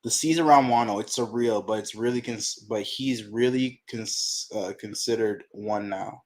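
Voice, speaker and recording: A man hosting a manga reaction channel, talking to himself while he reads, excitable and profane in casual reaction commentary. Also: on the low side, moderate pace.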